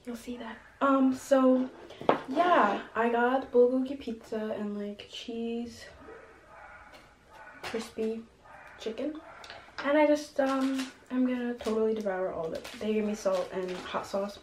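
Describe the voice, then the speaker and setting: A woman's voice: fairly high pitch, slow. A young woman from New York chatting casually while eating, full of ums and likes, her voice a little shaky from hunger. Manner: chatty, many fillers like "um" and "like". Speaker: mukbang vlogger. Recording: echoey room with faint noise.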